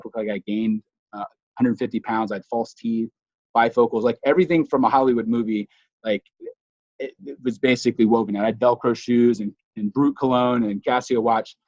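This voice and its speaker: A man telling a long personal story in a webinar talk, chatty and animated with fillers and restarts. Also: mid-range voice, no echo. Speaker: speaker. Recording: dull dry lo-fi audio.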